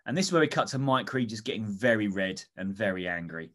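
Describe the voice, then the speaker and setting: A man's voice: fairly low pitch, expressive, fast, fairly bright tone. A man on a podcast, telling a made-up movie plot in a loose, rambling way full of ums and asides. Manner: rambling storytelling with fillers and swearing. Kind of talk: casual comedic chat.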